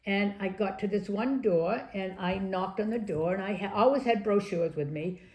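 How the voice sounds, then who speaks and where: An older woman from Maryland, a former political candidate being interviewed, telling anecdotes in a lively storytelling way and acting out the quotes. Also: mid-range voice, normal speed. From Maryland, USA. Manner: lively raconteur, acts out quotes, laughs often. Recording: echoey room.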